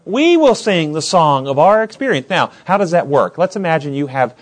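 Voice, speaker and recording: Animated man quizzing a Bible class. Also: fairly high pitch, moderate pace. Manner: questioning, animated, acts out scenes. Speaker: Bible study teacher.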